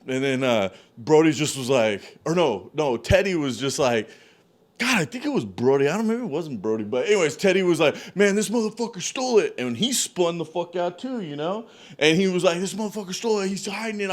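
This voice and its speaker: A man hosting a podcast, telling a story in a rambling, casual way with constant swearing, restarts and asides. He gets loud and excited as he acts out quoted shouts. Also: mid-range voice.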